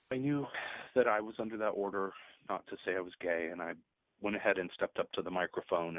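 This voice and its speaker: A man's voice: deep voice, no room sound. A man in his fifties, a teacher and guest on a radio show, speaking earnestly and at times choked up. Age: 50s. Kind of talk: emotional radio interview. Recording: tinny phone line.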